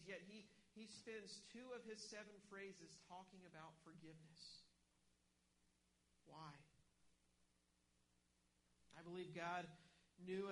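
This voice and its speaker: A man with a rather high voice delivers an earnest sermon, pressing his points with emphasis and frequent restarts. A faint hum runs beneath the recording. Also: fairly bright tone, poor audio. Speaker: pastor.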